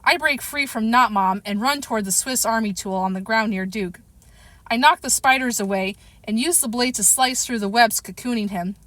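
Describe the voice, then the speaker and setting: Audiobook narrator, female, expressive first-person reading, slightly high voice, dry close sound. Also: normal speed, no room sound. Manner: expressive storytelling, occasional self-corrections.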